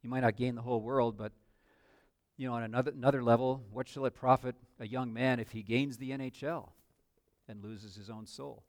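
An older man preaching a sermon as a pastor, earnest, with sudden swells and drops in loudness. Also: medium pitch, steady tone, a little fast, no echo, studio quality.

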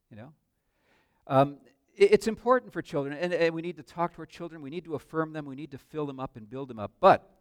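An older man preaching a sermon as a pastor, earnest, with sudden swells and drops in loudness. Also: mid-range voice, no echo, studio quality.

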